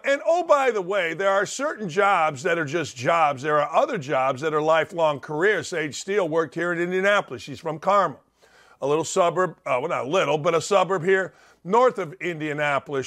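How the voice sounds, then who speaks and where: A middle-aged man rails through a sports talk monologue. His voice sits high for a man, and he hammers his points with rhetorical questions. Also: fairly bright tone. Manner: emphatic, punchy delivery with rhetorical questions. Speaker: talk show host.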